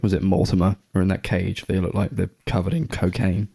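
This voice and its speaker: A man in a relaxed chat, unhurried and casually profane. His voice sits very low with a gravelly fry. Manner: laid-back, swears casually, many fillers. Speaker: podcast co-host.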